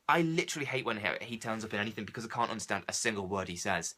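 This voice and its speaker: A young man with a cold, hosting a casual film review podcast and ranting in an animated, rambling, comic way. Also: medium pitch, quick pace. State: has a cold, coughing.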